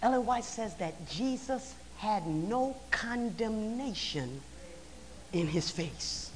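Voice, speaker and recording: A preacher delivering a sermon, swinging between shouted lines and hushed passages with rhythmic repeated phrases. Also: mid-range voice, expressive, slow pace. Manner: repetitive, rhythmic build-up of phrases. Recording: long hall reverb.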